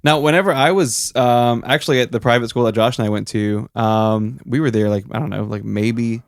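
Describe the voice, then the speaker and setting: A young man co-hosting a podcast, telling a school story in a lively way and acting out the quotes. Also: mid-range voice, fairly quick, no room sound, studio quality. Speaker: podcast co-host. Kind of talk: casual storytelling chat.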